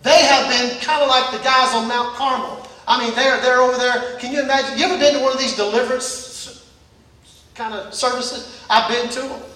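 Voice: medium pitch, steady tone, normal speed, far from the mic. Emphatic preacher in an echoey church. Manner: emphatic, builds to shouting, repeats phrases. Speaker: pastor. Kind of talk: sermon. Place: church service.

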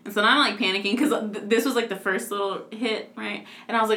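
A woman in her twenties telling a story in casual chat, animated and laughing, with lots of "like". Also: mid-range voice, quick pace. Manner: animated, laughing, heavy use of "like". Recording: echoey room.

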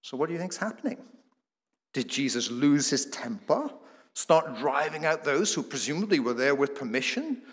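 A man's voice: on the high side, sing-song, moderate pace, fairly bright tone. Man preaching in a reverberant hall. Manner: explanatory, rhetorical questions, some restarts. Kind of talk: sermon.

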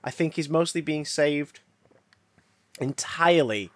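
A man co-hosting a podcast, chatting casually with jokes, quick asides and bursts of laughter. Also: on the high side, fairly bright tone, no echo. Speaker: podcast co-host. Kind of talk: casual chat.

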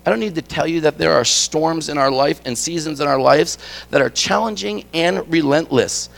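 A middle-aged man giving a guest sermon in a conversational, storytelling way, swinging from quiet asides to emphatic points. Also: a little high, moderate pace, vocal fry. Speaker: guest preacher. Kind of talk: conversational sermon with personal stories.

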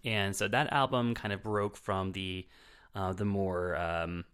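A man's voice: sits low, steady tone, unhurried, fairly bright tone, smooth. A man reviewing films on a podcast in casual chat, rambling with lots of fillers and restarts.

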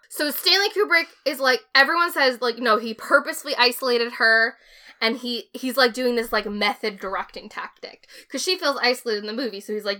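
A tipsy young woman hosting a podcast and telling a story in casual chat, animated, giggly and swearing freely. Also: on the high side, fairly quick. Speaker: podcast host.

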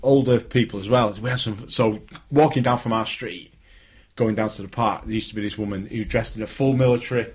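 A man's voice: on the low side, fairly even intonation, a little fast, breathy edge. A young man, chatting casually and swearing now and then. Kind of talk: casual podcast chat.

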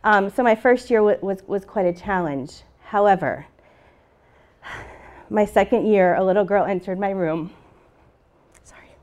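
A woman's voice: medium pitch, unhurried, a little mellow. Earnest woman teacher telling her story. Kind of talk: presentation talk with slides.

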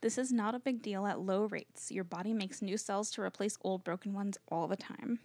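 A woman's voice: medium pitch, moderate pace, darkish tone, no room sound. Woman reading out researched notes. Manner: earnest, uses "like" when chatting. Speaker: podcast co-host.

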